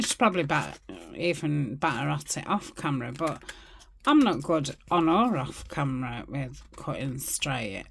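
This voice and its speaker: A woman's voice: deep voice, gravelly, a little hiss or hum. A middle-aged woman chatting casually as she works on a craft project, rambling and muttering asides to herself. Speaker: craft channel host. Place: home crafting desk.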